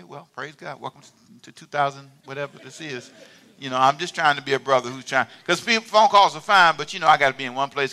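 Animated preaching man, bright voice. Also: a little high. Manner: animated, conversational preaching with call-and-response. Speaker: pastor. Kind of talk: sermon. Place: church sanctuary.

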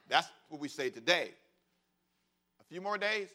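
A middle-aged man with a high-leaning, bright, forceful voice preaches quickly as pastor, keeping things conversational and funny. He acts out what kids and parents say and has the congregation repeat phrases back.

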